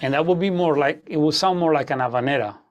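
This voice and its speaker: A man's voice: on the high side, fast talker, highs cut off. A man teaching an online guitar masterclass, explaining rhythms with frequent fillers and "okay?" check-ins.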